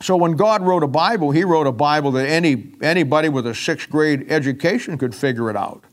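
Man, preacher, folksy sermon talk, emphatic, somewhat high voice. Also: a little fast. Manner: folksy, emphatic, with frequent restarts. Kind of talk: sermon-style Bible teaching.

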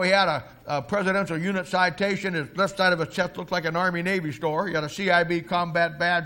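A man's voice: high voice, sharp tone. An older man preaching a sermon, telling stories in a fervent, folksy way.

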